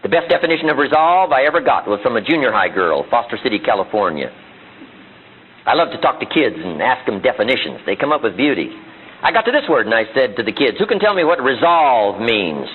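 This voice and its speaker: Heard on an old archival recording with phone-quality sound and a little hiss or hum, a man gives a live motivational seminar speech to an audience in a room. His medium-pitched voice is very animated and quick, and he keeps pressing his points through emphatic rhetorical questions and repetition.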